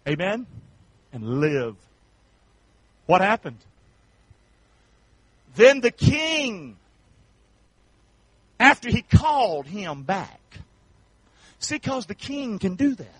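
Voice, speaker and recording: A male pastor preaching a sermon in a folksy, colloquial way, leading the congregation in call-and-response and swinging from shouts to hushed tones. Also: sits high, big pitch swings, drawn-out words, long pauses, breathy edge, no room sound, poor audio.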